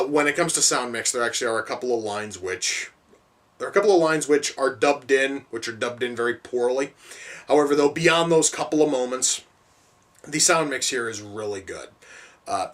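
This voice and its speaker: A man's voice: a little high, a bit bright, recorded from a distance. Foul-mouthed exasperated man ranting. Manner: exasperated, swears heavily, rambling with restarts. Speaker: movie reviewer. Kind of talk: profane movie reaction rant.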